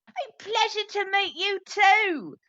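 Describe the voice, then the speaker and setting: A woman voicing a brash lower-class woman guest with a put-on Cockney accent, talking in chatty slang. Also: slow, pushed and bright, exaggerated voice. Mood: cheeky. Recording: slightly muffled stream audio.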